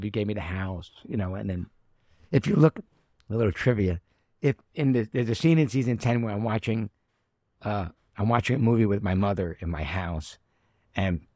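Gravelly-voiced man telling animated stories. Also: fairly low pitch, no room sound, clean studio sound. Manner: animated anecdotes, acting out quotes. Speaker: actor guest. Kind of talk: casual storytelling chat.

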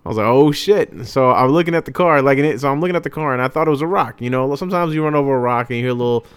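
A young man chats on a podcast, spinning an everyday story. His voice is smooth and resonant at a middle pitch, and he acts out the people he quotes as he goes. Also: rapid-fire, no echo, studio quality. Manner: animated storyteller acting out quotes. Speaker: podcast co-host. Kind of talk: casual storytelling chat.

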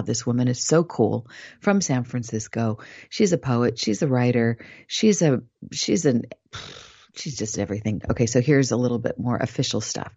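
A woman's voice: rumbling low, mellow, husky, dry recording, highs cut off. A woman hosting an online radio talk show, effusive and enthusiastic, easing from a soothing, meditative blessing into chatty introductions. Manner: gushing and effusive.

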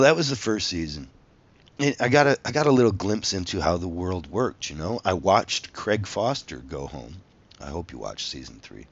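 A man, a tattoo artist, telling a profane, animated story about his past in a casual monologue. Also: low voice, lo-fi sound. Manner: profane, animated, reenacts his own outbursts. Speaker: tattoo artist and former reality show contestant.

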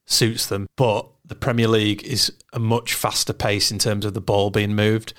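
A man with a low voice chatting on a casual football podcast. He talks in a halting way, often repeating words as he works out what to say. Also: flat delivery, fairly bright tone. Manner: hesitant, repeats words while thinking. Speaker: podcast co-host.

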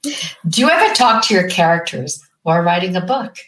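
A woman's voice: fairly low pitch, lively intonation, normal speed, fairly bright tone. A woman co-hosting a book talk show, offering supportive remarks. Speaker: co-host. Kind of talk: casual chat. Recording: roomy sound.

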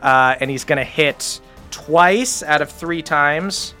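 A man's voice: on the high side, slow pace, bright, forceful tone, faint music behind. A man narrating as the game master of a tabletop game, easygoing and often laughing.

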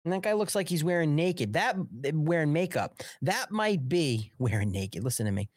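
A man's voice: a little high, lively intonation, moderate pace, no room sound. A middle-aged man hosting a live political commentary show, ranting in a mocking, sarcastic way, swearing and laughing often.

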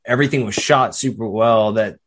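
A man with a lowish voice chats about a film's camerawork in a casual podcast. He halts often and gropes for the right word before pushing on. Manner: halting, searches for words mid-sentence. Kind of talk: casual film discussion chat.

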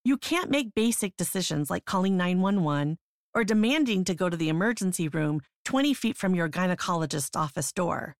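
Female memoir narrator, sober and measured, low register, dry booth sound. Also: animated, no room sound. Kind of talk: first-person memoir narration.

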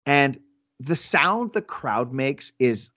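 Man, podcast co-host, lively pitch, laughs a lot, dry dull-sounding mic. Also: takes it slowly, dry recording. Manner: animated, laughs often, acts out quotes. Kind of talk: casual wrestling chat.

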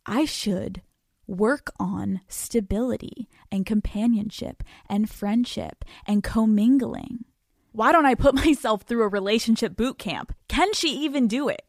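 A woman's voice: on the high side, dry recording, studio quality. A woman in her twenties hosting a podcast, telling a comedic story in a brash, profane way, laughing often and acting out dialogue. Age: 20s. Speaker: podcast host. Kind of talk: comedic monologue.

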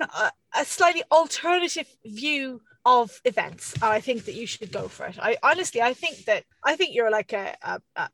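A woman's voice: fairly high pitch, fairly bright tone. A woman co-hosting a podcast, chatting in an enthusiastic, encouraging way and swearing freely. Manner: enthusiastic, swears freely, cheering the other host on. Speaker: podcast co-host. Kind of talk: casual chat.

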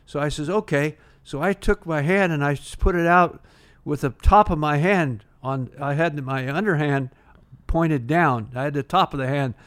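A man's voice: a little high, moderate pace, a bit bright. Older man rambling through old stories. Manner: rambling anecdotes with many restarts and "uh". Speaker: guest, retired pitcher. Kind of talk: casual storytelling interview.

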